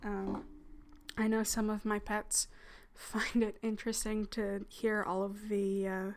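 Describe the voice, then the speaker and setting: Woman streamer chatting super slow and soft, teasing, whispers now and then. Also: medium pitch, completely flat delivery, a little hiss or hum. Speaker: hypnosis content streamer. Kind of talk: casual livestream chat.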